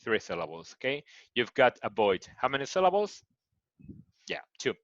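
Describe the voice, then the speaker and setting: A man from Mexico with a Mexican Spanish accent, teaching an online English lesson and patiently repeating words slowly to model their pronunciation. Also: mid-range voice, very animated, a bit bright, no echo, lo-fi sound. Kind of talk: recorded online grammar lesson.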